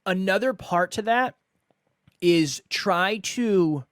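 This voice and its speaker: A man's voice: high voice, expressive, slow pace, a bit bright, no echo, studio quality. A man hosting a solo podcast, coaching listeners in an emphatic way that repeats key phrases and acts out example lines. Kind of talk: solo instructional podcast talk.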